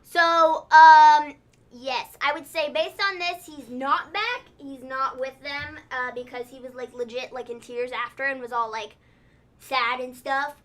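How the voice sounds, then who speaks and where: Woman co-host, high bright voice, rambling casual recap talk. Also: unhurried. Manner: rambling, lots of "like" and "so". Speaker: podcast co-host. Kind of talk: casual wrestling recap chat.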